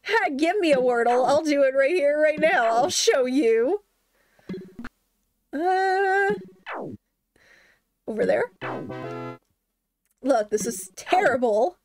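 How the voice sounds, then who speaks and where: A woman's voice: high voice, expressive, takes it slowly, long pauses, faint music behind. A young woman streamer giving casual, giggly, self-mocking gameplay commentary at home.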